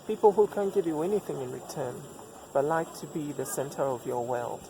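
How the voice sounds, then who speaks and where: A man's voice: a little high, brisk. A man giving relationship advice in a reflective personal monologue, repeating himself for emphasis and asking rhetorical questions. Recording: steady background noise.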